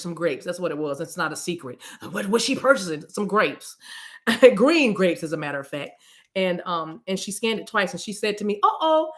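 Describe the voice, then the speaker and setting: A woman's voice: on the low side, fairly bright tone. An American woman hosting a spiritual channel, telling a story in a chatty, casual way and speaking straight to her viewers.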